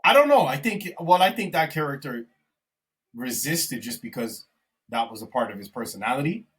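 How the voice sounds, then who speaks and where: A young man co-hosting a podcast in casual, animated chat, swearing often and calling his friend "bro". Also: mid-range voice, moderate pace, recorded from a distance. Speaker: podcast co-host.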